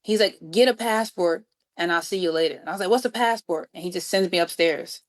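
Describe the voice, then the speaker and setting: A woman from New York City, a guest musician, telling a story with lively acted-out dialogue. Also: lowish voice, brisk. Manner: acts out quoted dialogue with lively voices. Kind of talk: animated storytelling.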